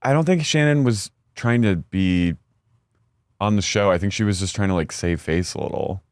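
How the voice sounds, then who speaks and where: A man co-hosting a podcast, chatting casually and retelling scenes in a campy, animated way. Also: moderate pace, clear, resonant tone, no room sound, clean studio sound. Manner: campy storyteller, acts out cast members in high voices. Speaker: podcast co-host. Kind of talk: casual chat recapping a reality show.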